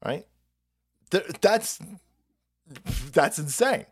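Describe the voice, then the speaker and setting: A man's voice: high voice, lively intonation, extremely slow. A man hosting a political livestream, ranting in a profane, combative and sarcastic way. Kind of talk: ranting commentary.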